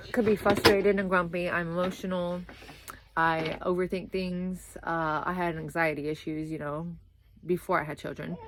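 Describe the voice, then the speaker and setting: A woman's voice: on the low side, noisy background. A young woman chatting casually in a rambling vlog, sleepy and often saying "like I said" as she drifts between topics. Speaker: vlogger.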